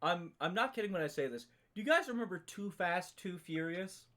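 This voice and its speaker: Casting note: male co-host, slightly high voice, punchy storyteller who swears casually while recapping. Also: expressive, fairly quick, sharp tone. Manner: emphatic storyteller, swears freely. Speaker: book club podcast co-host. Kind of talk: casual chat, retelling a story.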